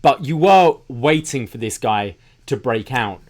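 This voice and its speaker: Man, podcast co-host, wrestling talk, measured recap, mid pitch. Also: animated, a little mellow. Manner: measured, recaps dates and venues. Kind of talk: casual wrestling chat.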